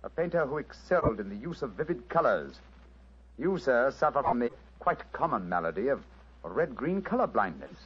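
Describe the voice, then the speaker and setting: A man's voice: mid-range voice, big pitch swings, moderate pace, husky. An actor playing a precise, coolly accusing male detective in a 1940s radio drama. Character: cool, cutting male detective. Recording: dull lo-fi old radio recording.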